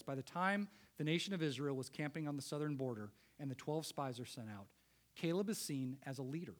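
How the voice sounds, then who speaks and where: Emphatic high-voiced male preacher. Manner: emphatic, builds to loud peaks then drops low. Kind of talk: sermon.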